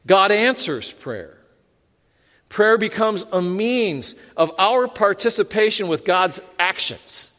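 Male pastor, sermon delivery; higher register, conversational, self-deprecating humor; reverberant sanctuary. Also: fairly bright tone. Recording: long hall reverb.

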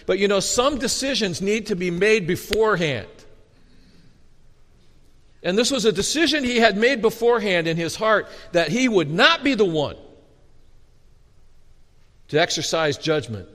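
A man preaching a sermon as a pastor, animated and storytelling with humor, often restarting his words. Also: high voice. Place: church sanctuary. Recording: long reverb of a hall.

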